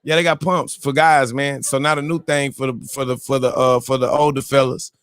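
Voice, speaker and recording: A man's voice: mid-range voice, level tone, fairly quick, a bit bright, smooth, no room sound, studio quality. A man co-hosting a casual morning show, joking in a playful, slangy way. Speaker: co-host. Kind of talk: casual chat.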